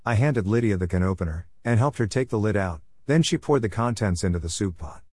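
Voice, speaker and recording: A man narrating a storybook in a steady, plain reading voice. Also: fairly low pitch, fairly quick, slightly rough, no echo, clean studio sound.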